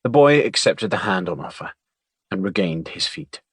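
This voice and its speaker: Male audiobook narrator, low, wry, dry studio sound. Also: lively intonation, a bit bright, husky, no echo. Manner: measured, wry storytelling.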